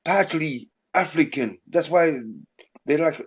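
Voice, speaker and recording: A man joining a casual livestream chat, explaining things in halting, rambling bursts. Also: a little high, breathy edge. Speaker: livestream guest. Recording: muffled lo-fi line.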